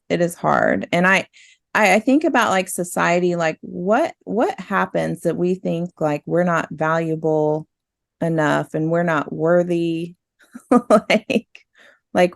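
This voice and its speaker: Woman guest, middle-aged, low-pitched, rambling and emotional, dry mic. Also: creaky, no echo. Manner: rambling, emotional, laughs often. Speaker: guest, store owner. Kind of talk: casual conversation.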